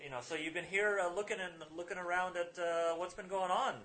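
A man's voice: sits high, steady tone, a little fast, fairly bright tone, a little hiss or hum, pitched above the performer's own voice. Man doing a chummy cigar-chomping newspaperman. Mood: jovial. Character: scruffy red-haired male newspaper publisher, cigar-smoking, chummy.

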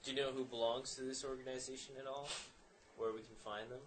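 A man's voice: medium pitch, level tone, quick pace, a little hiss or hum. A man playing a tabletop game, easygoing and agreeable. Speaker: player.

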